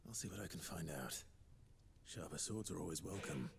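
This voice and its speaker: A calm, deep-voiced young swordsman. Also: moderate pace, gravelly, husky, full character voice. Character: steady young male swordsman leading curse breakers.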